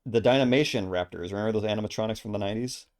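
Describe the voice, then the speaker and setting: A man co-hosting a live art stream, chatting casually and excitably, often laughing and saying dude. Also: lowish voice, very fast. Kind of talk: casual chat.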